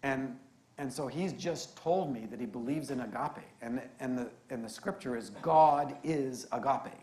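A man preaches to a gathering and tells a story. His delivery is animated and conversational. His voice is mid-pitched, and the recording has a roomy echo. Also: moderate pace. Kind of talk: storytelling sermon.

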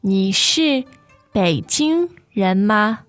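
A woman co-hosting a language lesson, saying phrases slowly and carefully for learners. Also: medium pitch, animated, faint music behind. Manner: slow, careful, deliberate. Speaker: language teacher and co-host.

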